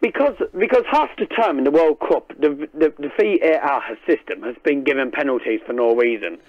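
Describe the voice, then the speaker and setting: A man's voice: fairly high pitch, animated, fairly quick, no echo. Man calling in by phone. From Middlesbrough, England. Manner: hesitant, many ums. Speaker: caller. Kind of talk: phone-in football chat. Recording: muffled phone line.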